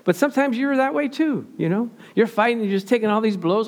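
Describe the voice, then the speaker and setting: An older man with a slightly high, gravelly voice preaches in an easygoing, storytelling manner. He slips into the voices of the people in his stories as he talks. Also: expressive, normal speed. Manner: conversational storytelling, acts out quotes. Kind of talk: sermon.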